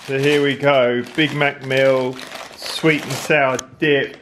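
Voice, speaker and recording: A man's voice: mid-range voice, flat delivery, takes it slowly, a bit bright. A middle-aged British man hosting a family home vlog, chatting casually and jokingly. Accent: British English. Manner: chatty, jokey, says "well nice" and "me app". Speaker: vlog host. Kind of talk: casual chat. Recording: echoey room, faint background noise.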